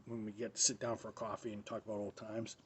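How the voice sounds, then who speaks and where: A man's voice: on the low side, monotone, quick pace, a little hiss or hum. A man hosting his own show, telling a personal story in a rambling, casual monologue with many restarts, recorded on his phone. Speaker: show host.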